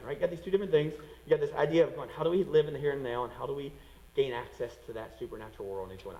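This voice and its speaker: A man preaching a sermon as a pastor, animated and acting out the voices of people in the story. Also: mid-range voice, racing, in a large hall, lo-fi sound.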